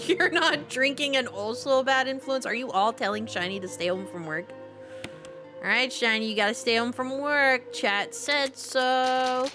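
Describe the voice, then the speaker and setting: A woman's voice: on the high side, moderate pace, over music. A woman streaming a horror game, chatting playfully with her viewers and laughing often. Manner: playful, chatty, talks to chat, giggly. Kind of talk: casual live-stream chat while gaming.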